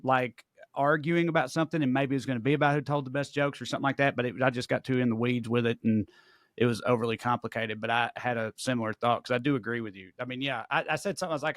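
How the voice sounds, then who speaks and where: Profane, rambling Southern podcast host. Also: male voice, medium pitch, no echo, clean studio sound. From American South. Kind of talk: casual chat.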